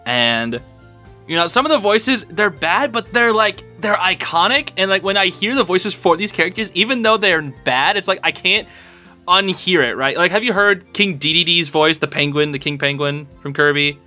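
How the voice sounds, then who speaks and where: A man hosting a casual podcast, talking in an excitable, rambling way and laughing often. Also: high voice, moderate pace, soft background music. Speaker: podcast host.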